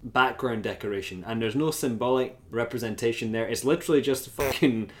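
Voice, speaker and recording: A man co-hosting a casual podcast, blunt and sweary, quick to laugh. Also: medium pitch, a little hiss or hum. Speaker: podcast co-host. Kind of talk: casual chat.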